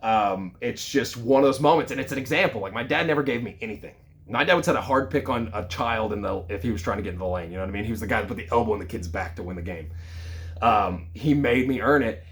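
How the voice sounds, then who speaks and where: A man's voice: fairly low pitch, quick pace. Chatty man in his thirties telling a story. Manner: conversational, lively storytelling with fillers. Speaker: sales leader. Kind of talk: casual personal storytelling.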